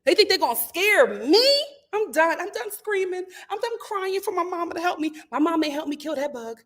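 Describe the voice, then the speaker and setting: A woman's voice: very high voice, expressive, normal speed, a bit bright. A woman hosting a casual live stream, reading out viewer comments and making dramatic, laughing outbursts. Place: home.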